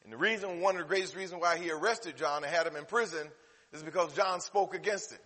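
A man preaching a sermon, dropping to hushed low passages and then building to loud, emotional peaks. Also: lively intonation, fairly quick. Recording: long hall reverb.

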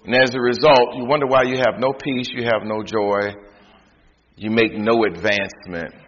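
A man's voice: medium pitch, steady tone, moderate pace. A man preaching a sermon as pastor, with emphatic, repetitive, dramatic delivery. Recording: dull sound, long hall reverb, faint noise.

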